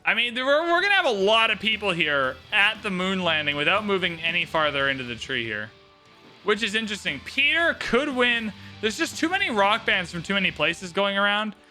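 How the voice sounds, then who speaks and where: A high, very bright male voice gives relaxed, joking commentary on a strategy game during a livestream. He chats along with easy playful asides. Faint game music plays underneath. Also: brisk.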